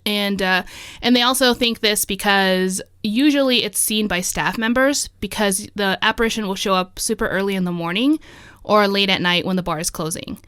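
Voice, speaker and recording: A woman hosts a casual ghost-story podcast, relaxed and quick to laugh. Her voice sits close to the mic in a dry, dead room with no reverb at all. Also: mid-range voice, smooth. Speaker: podcast host. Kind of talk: casual chat telling ghost stories.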